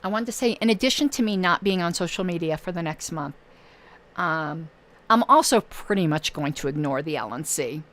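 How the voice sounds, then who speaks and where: A woman hosts her own political channel in loose, unscripted livestream talk. Her voice sits a little low and is wearing thin and hoarse. She stops often to fill gaps with hesitant ums before pressing on. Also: animated, fairly bright tone. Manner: halting, many filler pauses. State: losing her voice.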